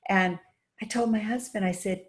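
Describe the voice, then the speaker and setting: A woman's voice: medium pitch, fairly even intonation, moderate pace. A woman guest on a podcast, telling her stories with enthusiasm in a casual, run-on way. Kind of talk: casual interview storytelling.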